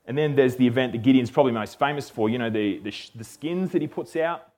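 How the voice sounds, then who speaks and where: A man teaching a Bible passage in a relaxed, conversational way, often checking in with "okay?". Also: medium pitch, fast talker. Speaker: preacher.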